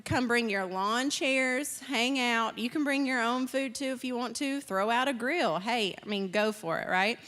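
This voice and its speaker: A bubbly woman hosts a church gathering, her voice sitting a little high and ringing bright and forceful. She talks casually and with plenty of enthusiasm, and the large hall around her adds a long reverb tail. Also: measured pace, hardly any pauses. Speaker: church host giving announcements. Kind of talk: upbeat welcome and announcements. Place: church auditorium.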